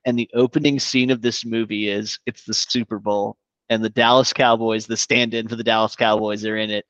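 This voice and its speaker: A man's voice: lowish voice, brisk, no echo. Podcast man, easygoing sports chatter, salty language, dry, slightly dull mic. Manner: animated storyteller, swears freely, says "dude". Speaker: podcast co-host. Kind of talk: casual sports chat.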